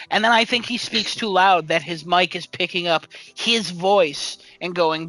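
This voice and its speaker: A man co-hosting a casual chat podcast, animated, laughing often and mimicking people. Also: high-pitched, normal speed, few pauses, dry recording, soft background music. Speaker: podcast co-host.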